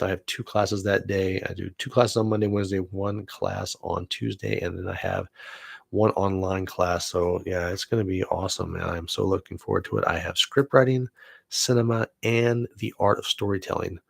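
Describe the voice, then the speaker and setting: A man's voice: deep voice, steady tone, a little fast, gravelly, breathy edge, no echo. A man in his forties hosting his own vlog, chatting casually and enthusiastically and swearing freely. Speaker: vlog host, film student. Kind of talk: casual rambling chat.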